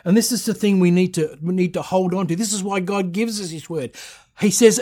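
A man's voice: high-pitched, a little fast, dark tone. A middle-aged man preaching a sermon as pastor, reading scripture aloud and building emphasis with repeated phrases.

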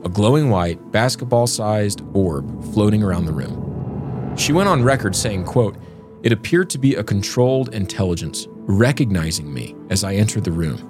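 Over background music, a podcast co-host with a fairly low, animated voice and moderate pace dramatically reads a scripted eerie story. Afterward he switches to casual chat, joking and bantering with his co-host.

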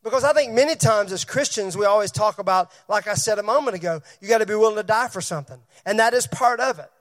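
Very high-voiced male pastor preaching. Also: fast talker, a bit bright. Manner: preaching to a congregation, calling on members by name and asking questions. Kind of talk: sermon. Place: church.

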